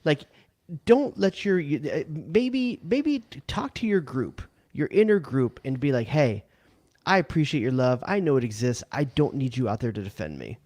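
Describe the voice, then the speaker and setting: A man's voice: medium pitch, sing-song, normal speed, darkish tone, no echo. A man co-hosting a casual sports podcast, blunt and opinionated. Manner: blunt, opinionated, plain-spoken. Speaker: co-host.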